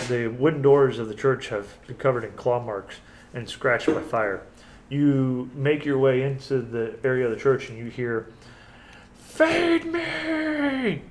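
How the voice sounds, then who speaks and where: A man's voice: medium pitch, a little hiss or hum. A man running a tabletop game as game master, reading scene descriptions and correcting himself as he goes.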